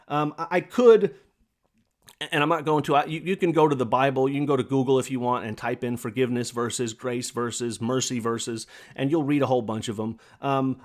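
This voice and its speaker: A man's voice: medium pitch, a little mellow. A man hosting a podcast, delivering an impassioned, preachy monologue with lots of repetition while smoking a pipe. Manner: smokes a pipe while talking. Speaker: podcast host. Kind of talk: opinionated monologue.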